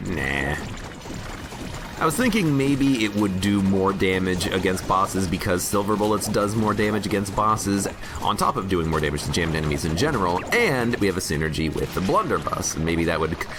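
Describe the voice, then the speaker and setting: A man streaming a game while sick with a cold, his voice deep and hoarse, chatting in a rambling, self-mocking way. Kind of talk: casual gameplay commentary.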